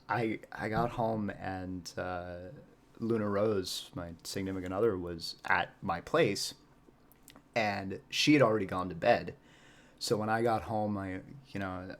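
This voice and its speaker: A man who acts on stage, guesting on a podcast and chatting casually in a rambling, reflective way with plenty of fillers and laughs. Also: fairly low pitch.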